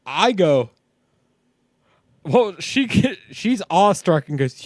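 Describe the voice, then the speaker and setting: A man's voice: on the high side, lively intonation, a little slow, no echo. Ohio dad on a podcast, swears a lot, laughs thru his stories, dry close mic. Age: parent of young kids. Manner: profane, storytelling, laughs often. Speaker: podcast co-host. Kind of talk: casual chat.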